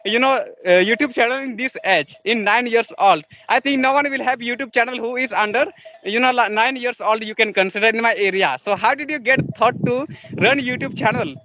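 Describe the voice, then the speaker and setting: A man with an Indian English accent interviewing a guest over a video call, speaking haltingly and restating his questions, with frequent "yes, yes". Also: very high-pitched, bright, forceful tone. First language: Hindi. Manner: halting, repeats "yes, yes", rephrases questions mid-sentence. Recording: muffled video call audio.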